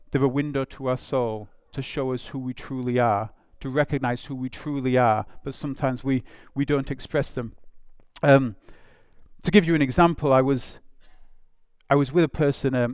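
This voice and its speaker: A man's voice: mid-range voice, fairly even intonation, moderate pace, clean tone, dry recording, clean studio sound. A man preaching a conversational sermon, informal, often breaking into asides and acting out quotes. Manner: informal, with frequent "it's like" asides and acted-out quotes.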